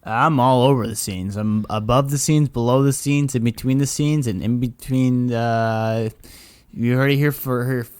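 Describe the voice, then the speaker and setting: A man's voice: mid-range voice, fairly even intonation, normal speed, darkish tone, smooth, no echo. A man co-hosting a casual comedy podcast, joking around and telling stories. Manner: joking, puts on quoted voices in stories. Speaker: podcast co-host.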